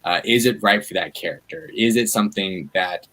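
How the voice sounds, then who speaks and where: Guest man on a video call, low-pitched, lively and rambling, full of fillers. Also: fairly quick, poor audio. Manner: animated, rambling with many fillers. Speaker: guest, media activist. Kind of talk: livestream conversation.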